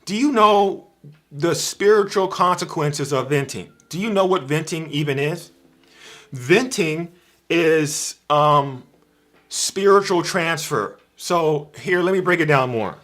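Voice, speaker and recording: A man's voice: a little high, slow, a bit bright. A man giving an informal livestream sermon, emphatic and repeating his key phrases. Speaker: preacher on a livestream.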